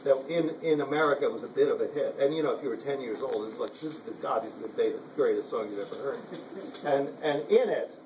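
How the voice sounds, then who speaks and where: A man's voice: medium pitch, fast, a little mellow, a little hiss or hum. A man teaching a writing workshop in a loose, rambling way, full of "you know" and "like.". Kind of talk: casual workshop talk. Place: room at a writers' retreat. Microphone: handheld camera from across the room. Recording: roomy, distant camera audio.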